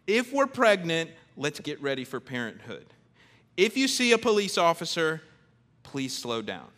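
A man preaching a sermon in a conversational, emphatic way, swinging from loud declarations to hushed, intimate lines. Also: on the high side, big pitch swings, unhurried. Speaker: pastor.

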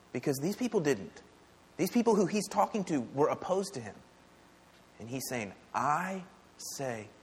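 A man's voice: fairly high pitch, darkish tone, long reverb tail, slight background noise. A man preaching a sermon in a church, with a conversational, emphatic delivery and frequent rhetorical questions to the congregation. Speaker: pastor. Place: church sanctuary.

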